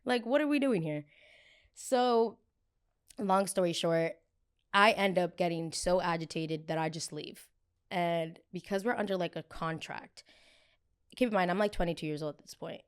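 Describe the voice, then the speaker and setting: A woman in her twenties hosting a podcast, telling a story in a casual, animated way, acting out arguments and swearing freely. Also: fairly low pitch, moderate pace, smooth. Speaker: podcast host.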